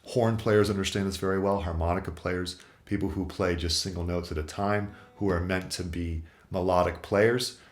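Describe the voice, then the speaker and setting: A man's voice: sits low, steady tone, moderate pace, hardly any pauses. A male guitar teacher explaining music theory in a video lesson, methodical and explanatory, with occasional fillers. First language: English.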